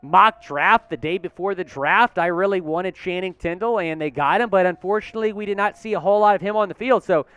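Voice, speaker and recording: A man hosting a live sports news show, talking with hyped excitement and getting out of breath. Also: sits high, fairly quick, few pauses, clean tone. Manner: excitable, hyped, chants and cheers.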